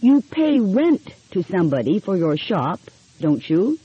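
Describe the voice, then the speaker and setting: Woman reading as a young girl detective, polite, inquisitive, husky, dull lo-fi sound. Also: medium pitch, sing-song, measured pace, no echo, pitched above the performer's own voice, exaggerated voice.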